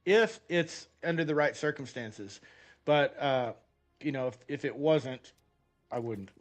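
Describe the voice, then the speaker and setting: Faint music plays behind an American man whose mid-range voice is expressive and measured in pace. He tells a rambling story while streaming a game, chatting casually and swearing freely.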